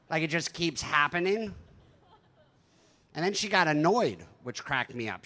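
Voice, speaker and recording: A man's voice: on the high side, lively intonation, moderate pace, bright, forceful tone. A man in his thirties doing stand-up, telling stories in a conversational, profane, self-deprecating way. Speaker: stand-up comedian. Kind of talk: stand-up storytelling.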